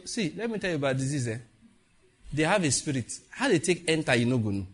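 Nigerian preacher with a husky voice. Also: male voice, medium pitch. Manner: animated, swings from shouted warnings to slow solemn prayer; Pidgin asides. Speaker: pastor. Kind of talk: sermon.

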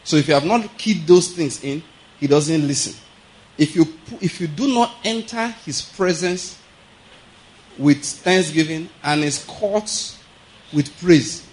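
A man's voice: fairly high pitch, poor audio. A man giving a conversational sermon, laughing often and asking his listeners whether they follow. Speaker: preacher.

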